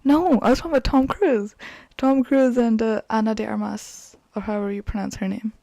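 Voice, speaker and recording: A woman's voice: a little high, fairly even intonation, a little fast, creaky, warm tone, no room sound. A woman co-hosting a podcast in casual chat, curious and thinking aloud with lots of questions. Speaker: podcast co-host. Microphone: remote call.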